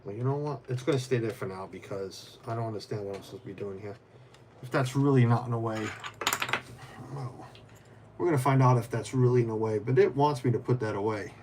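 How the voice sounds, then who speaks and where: A man's voice: mid-range voice, a little fast, background noise. Rambling man chatting on a live stream. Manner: rambling, many restarts, answers viewers by name; mutters to himself while fiddling with pieces. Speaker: livestreamer. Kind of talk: casual live-stream chat while building.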